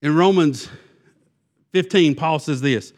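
A man's voice: on the high side, slow, a little mellow. A man preaching a sermon in a loose, conversational way, full of fillers and restarts. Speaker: pastor.

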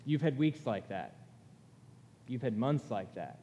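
A man preaching a sermon as pastor, earnest and deliberate, lifting his voice when he reads lament passages. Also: mid-range voice, expressive, warm tone, a little hiss or hum. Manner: slow, earnest, pausing delivery, rising for quoted laments. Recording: long reverb of a large hall.

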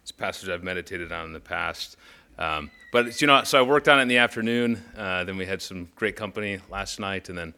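A man's voice: low voice, a little fast, gravelly, sharp tone. A man teaching as a pastor in a casual devotional style, conversational with urgent emphatic bursts when he reads Scripture.

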